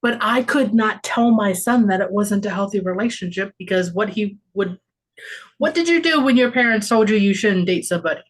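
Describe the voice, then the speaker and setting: A woman's voice: medium pitch, moderate pace. A woman in her forties co-hosting a podcast, chatting casually in a reflective way and laughing often. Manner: reflective, laughs often, talks about parenting. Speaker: podcast co-host. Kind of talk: casual chat.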